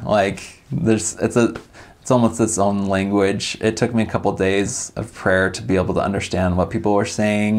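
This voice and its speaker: A young man telling a casual story in a relaxed, rambling way, full of "like" and restarts. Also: fairly low pitch.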